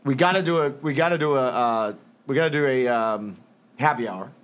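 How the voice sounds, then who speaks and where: A man's voice: mid-range voice, a little fast, a bit bright. A man hosting a podcast, talking casually and enthusiastically with plenty of swearing, including loose sponsor plugs. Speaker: podcast host. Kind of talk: casual chat.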